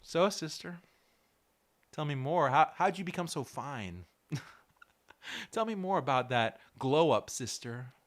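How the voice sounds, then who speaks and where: A man voicing a smarmy man who whispers coaxing come-ons to a woman, speaking low and hushed. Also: expressive, measured pace, long pauses.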